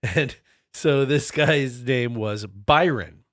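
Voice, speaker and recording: In studio-quality audio with no room sound, a forties-aged podcast co-host speaks slowly in a mid-range, slightly bright voice. He chats casually, telling stories in a relaxed, loose, profane style.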